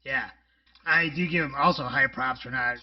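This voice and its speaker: A man's voice: on the high side, moderate pace, recorded from a distance, dull audio. A man co-hosting a casual podcast chat, rambling with lots of fillers and blunt jokes. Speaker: podcast co-host.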